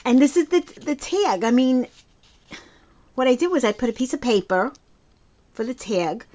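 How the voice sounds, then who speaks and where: This crafting host from Brooklyn has a high, slightly mellow voice with big pitch swings and a moderate pace. She chats eagerly about her projects in a rambling show-and-tell, with a few false starts.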